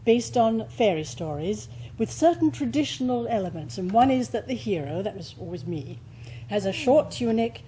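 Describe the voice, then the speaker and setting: A woman's voice: fairly high pitch, normal speed, poor audio. Older woman, theatrical storyteller. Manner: lively storyteller, theatrical delivery. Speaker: interview guest, stage actress. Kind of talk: anecdotal interview chat.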